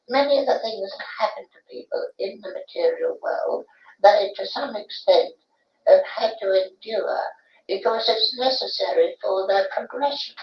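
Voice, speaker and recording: A male spirit lectures slowly and solemnly, spoken through a medium. It sounds distant and roomy on dull old archive tape. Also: medium pitch. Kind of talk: archival seance recording.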